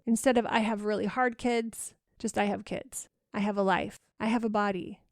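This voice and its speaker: A woman parenting coach talking alone on a podcast, gently repeating soft affirmations in a reassuring way. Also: mid-range voice, fairly even intonation, normal speed, no echo, clean studio sound. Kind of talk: solo podcast coaching talk.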